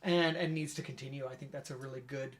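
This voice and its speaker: A man hosting a relaxed conversation with a fellow pastor. He keeps things friendly and chatty, nodding along and laughing easily. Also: mid-range voice. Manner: affirming, chatty, quick to laugh. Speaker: interviewer and youth ministry pastor. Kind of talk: casual interview conversation.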